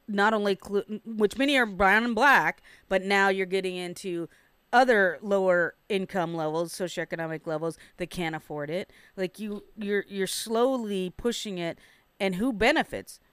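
Female panelist, blunt and profane, smooth resonant tone, dry recording. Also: medium pitch, normal speed, fairly bright tone, no room sound. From Portland, Oregon area. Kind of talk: casual panel discussion.

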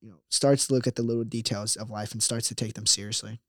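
Young man, college senior, podcast guest, excitable, laughs a lot, dry close sound. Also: lowish voice, no room sound. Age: 20s. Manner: excitable, laughing, quick reactions. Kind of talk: casual chat.

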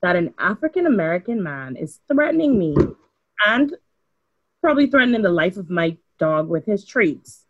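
A woman's voice: medium pitch, big pitch swings, moderate pace, narrow, tinny audio, a little hiss or hum. A woman co-hosting a podcast who makes her points emphatically in casual discussion. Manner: emphatic, opinionated. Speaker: podcast co-host.

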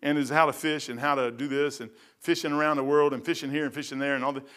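A middle-aged man preaching a sermon in a folksy, animated storytelling way, calling listeners man and brother. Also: fast talker. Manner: folksy storytelling, animated swings in pitch and loudness; casual slang, addresses listeners as man and brother.

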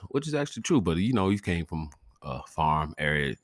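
Young guy hosting his podcast from his bedroom at night, keeping it down, deep low gravelly voice, dry close sound, cussing a lot. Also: very animated, a little fast, no room sound. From northwestern and midwestern United States. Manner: hushed, trying to stay quiet, profane and joking. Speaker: podcast host. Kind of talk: rambling late-night podcast monologue. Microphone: desk microphone.

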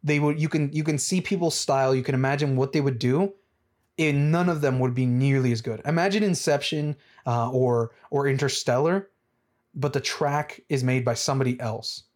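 A casual movie review vlogger talks in a rambling way, full of restarts and fillers like "like" and "dude". The voice sits in a middle pitch range. Now and then it jumps up into excited, animated bursts. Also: normal speed.

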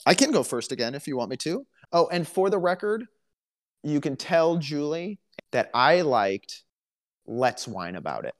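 A man with a fairly high, very animated voice speaks at a moderate pace as co-host of a casual podcast. He's from Alabama, US, and tells stories in a chatty, dry, jokey way.

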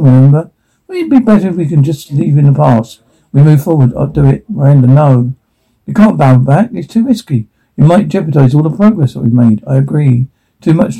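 A man reads a television script aloud, taking every part in turn and stopping now and then on a word. His voice is husky and very dark, a little high for a man. He speaks the stage directions in the same even read. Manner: plain reading with stage directions, stumbles over words. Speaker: reader of a TV episode transcript. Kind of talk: reading a script aloud, all parts.

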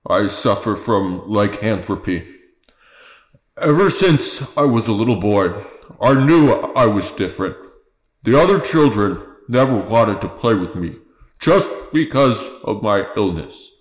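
A man's voice: on the low side, lively intonation, a little slow, roomy sound, poor audio. A man playing an earnest werewolf candidate. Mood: solemn. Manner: speechifying, earnest. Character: male werewolf mayoral candidate, earnest, awkward. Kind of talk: comedic table read.

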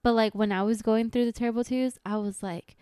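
A woman talking casually on a podcast, relaxed and chatty, with many filler words. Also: fairly high pitch, brisk, clean tone, no room sound, studio quality. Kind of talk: casual chat.

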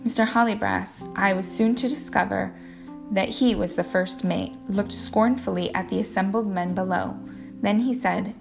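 A woman reading a novel aloud in a plain, measured way, with now and then a slip and a restart. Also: medium pitch, fairly even intonation, vocal fry. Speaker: audiobook reader. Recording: guitar music playing underneath.

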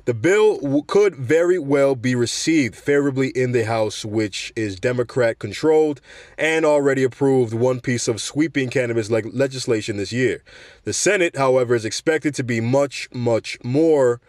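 A man's voice: medium pitch, normal speed, a little mellow, no echo, clean studio sound. A man hosting a show, reading news aloud and breaking off for casual commentary. He trips over words and corrects himself. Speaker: show host.

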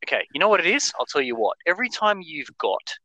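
A young Australian man with an Australian accent telling stories in casual chat, animated and acting out the people he describes. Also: on the high side, quick pace, dry recording, low-quality recording. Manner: animated storyteller who acts out the people in his stories, swears freely. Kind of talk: casual chat, storytelling rants.

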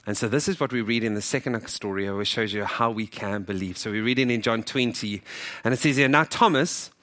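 A man preaching a sermon as pastor, in a lively, conversational way, often acting out what people in the story say and joking with the congregation. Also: lowish voice, quick pace. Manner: animated, acts out quoted dialogue.

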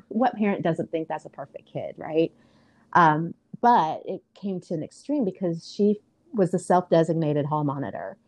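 A woman's voice: fairly low pitch, a little mellow. A middle-aged woman, a podcast guest, telling a family story in a casual, earnest way, full of fillers.

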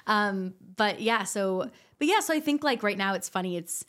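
A woman's voice: medium pitch, lively intonation, measured pace, a bit bright. A woman from Michigan hosting a podcast, chatting casually in a bubbly way. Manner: bubbly, frequent laughs. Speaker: podcast host. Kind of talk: casual chat.

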